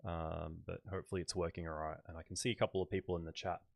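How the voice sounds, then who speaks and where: A man with a light Australian accent talks casually to his livestream viewers. His voice sits fairly low and sounds close and dry. He thinks aloud as he goes, with easy fillers along the way. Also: flat delivery, quick pace, creaky, darkish tone, no echo. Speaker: photography YouTuber hosting a livestream.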